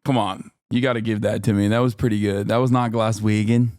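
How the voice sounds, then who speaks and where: A man in his thirties riffs sarcastically over clips, swearing freely and jumping between mock outrage and laughter. His voice is smooth and resonant, recorded dry and close with no room sound. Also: lowish voice, a little fast, no room sound. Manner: profane, sarcastic, animated. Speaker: streamer reacting to videos. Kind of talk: casual streaming commentary.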